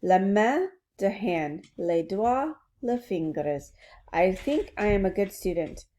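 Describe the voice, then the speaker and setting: A woman's voice: medium pitch, sing-song, moderate pace, warm tone, close to an everyday voice. A woman voicing an eager young French princess who carefully sounds out English words. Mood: earnest.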